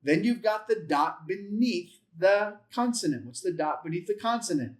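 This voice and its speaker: Expressive and fairly high-pitched, this Bible Hebrew teacher runs a classroom-style language lesson with patience, one step at a time. He pronounces each letter slowly and goes over syllables several times. Slip-ups get corrected with a touch of self-deprecating humor.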